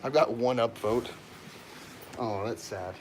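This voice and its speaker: A man's voice: medium pitch, slow pace, noisy background. A man telling rambling stories to viewers on a casual livestream, often stopping himself mid-sentence. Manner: rambling, chatty, self-interrupting, talks to viewers. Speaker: live streamer.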